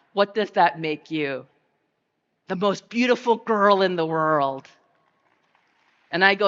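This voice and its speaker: A middle-aged woman giving an impassioned conference keynote on a large stage, building to forceful calls to action. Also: on the low side, clear, resonant tone, highs cut off. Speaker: keynote speaker.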